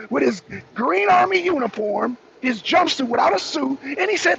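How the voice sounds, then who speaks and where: A man hosting a livestream talk show, ranting in an angry, profane, animated way. His voice sits very high for a man and has a gravelly rasp. The audio is a bit muffled, with a faint hiss underneath. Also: brisk. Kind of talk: heated political rant on a livestream.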